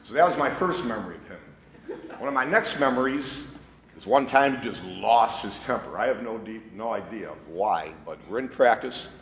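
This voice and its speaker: Animated older man telling stories, echoey room. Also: lowish voice, moderate pace. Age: 60s. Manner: animated anecdotal storyteller, laughs at his own stories. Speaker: wrestling coach and educator. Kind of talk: motivational storytelling speech to school faculty. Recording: echoey room, faint background noise.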